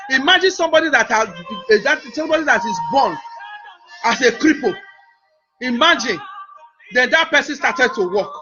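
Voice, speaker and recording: A man preaches in a strikingly high voice. He is emphatic and repetitive, often restarting his phrases. The recording sounds dull and lo-fi, with music playing behind him. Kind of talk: sermon.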